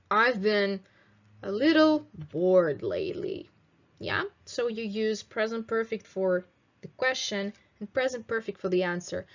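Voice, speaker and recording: A young woman teaching English in a video lesson, slowly modelling phrases for students to repeat. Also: medium pitch, highs cut off. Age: 20s. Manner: slow, clear teaching delivery with drilled example phrases.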